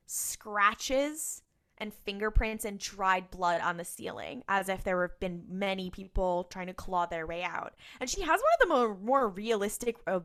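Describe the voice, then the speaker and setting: A woman co-hosting a podcast, talking through a TV episode in a relaxed, chatty way. Her voice is smooth and clear at a middle pitch, and she drops into quick voices for the characters as she goes. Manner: animated storytelling with quick voiced impressions of characters. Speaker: podcast co-host. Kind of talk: casual episode recap.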